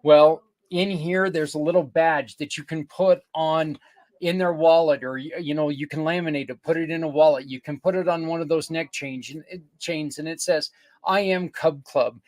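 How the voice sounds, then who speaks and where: An older man hosting a podcast, talking earnestly and casually, rambling a little and correcting himself as he pitches a community program. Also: fairly even intonation, moderate pace, darkish tone. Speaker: podcast host. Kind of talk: casual promotional talk.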